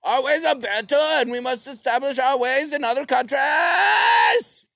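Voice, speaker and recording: A man voicing a zealous male revolutionary who shouts his demands in a strained, much higher voice. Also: lively intonation, measured pace, gravelly, dry recording, clean studio sound, full character voice.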